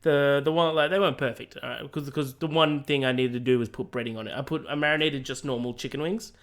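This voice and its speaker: A man's voice: medium pitch, steady tone, fast talker, fairly bright tone. A man hosting a podcast in a loose, jokey way, swearing freely. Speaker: podcast host. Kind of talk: casual chat.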